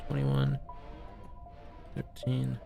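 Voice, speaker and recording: A man running a tabletop game as game master, narrating the scene in a relaxed way with frequent ums and uhs. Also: medium pitch, drawn-out words, vocal fry, soft background music.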